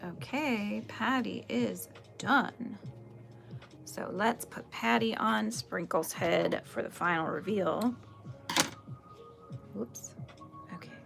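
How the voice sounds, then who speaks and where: Woman, 40s, livestream craft host; chatty, slightly gravelly voice, faint music under her. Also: mid-range voice. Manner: chatty, answers viewer comments, laughs often. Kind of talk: casual chat while crocheting.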